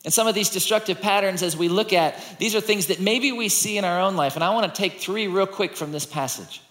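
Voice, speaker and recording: A man preaching a sermon in a conversational, animated way, reading scripture and acting out the people in it. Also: high-pitched, fairly quick. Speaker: pastor. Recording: long hall reverb.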